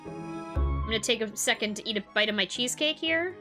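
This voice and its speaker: Giggly young woman streamer, lively pitch. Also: fairly quick. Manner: giggly, self-deprecating, chatty. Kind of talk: casual game commentary. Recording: game music under voice. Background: game music.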